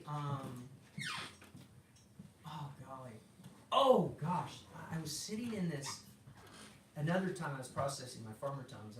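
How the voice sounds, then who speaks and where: A middle-aged man sharing a personal faith story in casual talk, acting out the dialogue with restarts and fillers. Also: on the high side. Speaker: guest sharing a personal testimony. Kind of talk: casual spoken testimony. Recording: roomy sound from a distant mic with background noise.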